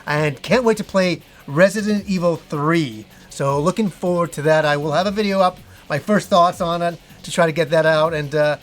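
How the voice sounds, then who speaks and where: A middle-aged man, talking casually to his viewers and short of breath, with halting speech full of restarts. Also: fairly high pitch. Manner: halting, with frequent restarts and fillers. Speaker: gaming channel host. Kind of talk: casual personal talk to viewers.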